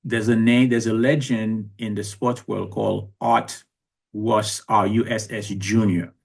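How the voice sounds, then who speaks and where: Man, sixties, lower register, reflective interview storyteller. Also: flat delivery, measured pace, creaky, husky. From Haiti. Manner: reflective, conversational, with frequent restarts. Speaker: guest.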